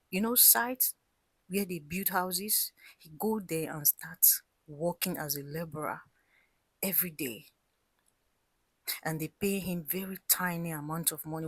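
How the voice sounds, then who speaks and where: A woman's voice: deep voice, breathy edge, no echo. A woman telling a cautionary story and giving earnest advice, talking straight to her listeners, repeating words for emphasis and dropping to a whisper on key points. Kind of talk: storytelling monologue with life advice.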